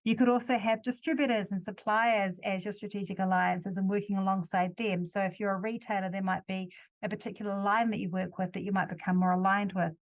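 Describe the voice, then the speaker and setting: A woman's voice: mid-range voice, steady tone, fairly quick. A woman from New Zealand hosting a solo podcast, talking casually and correcting herself as she goes. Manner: conversational, self-correcting, gives examples. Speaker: podcast host.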